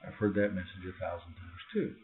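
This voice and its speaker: A man's voice: expressive, a little fast. Lo-fi preaching man with dramatic outbursts. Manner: acts out quoted voices with sudden high, loud cries. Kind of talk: informal sermon. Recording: tinny, phone-like lo-fi recording.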